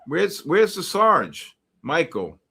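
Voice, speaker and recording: A man hosting a live futures trading stream talks slowly through charts and reads viewer messages, rambling with many fillers. His fairly high voice is gravelly, pushed, bright and slightly rough, with huge swings in pitch.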